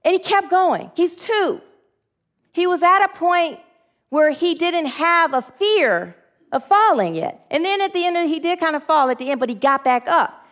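A woman's voice: extremely high pitch, animated, moderate pace, fairly bright tone. A woman teaching a spiritual sermon, earnest and encouraging, leading the group in spoken affirmations and often restarting her sentences. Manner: earnest, leads call-and-response affirmations, frequent restarts.

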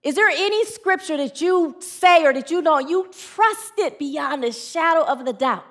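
A woman's voice: high-pitched, animated, measured pace, fairly bright tone. A woman preaching a sermon, using call and response with her congregation and telling stories in an earnest way. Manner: earnest, storytelling with acted quotes.

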